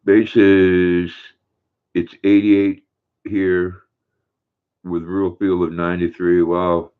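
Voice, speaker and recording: A man's voice: low-pitched, little pitch movement, takes it slowly, smooth. An older man hosting a casual livestream, chatting easily, reading viewer comments aloud and cooing to his dog. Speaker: livestream host. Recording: tinny phone-like sound.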